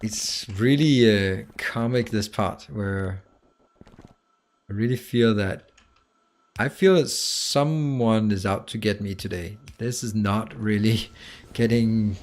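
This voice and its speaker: A man's voice: on the low side, takes it slowly. A game streamer talking to himself while he plays, muttering and breaking into exasperated outbursts, with a Danish accent. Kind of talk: live gameplay commentary.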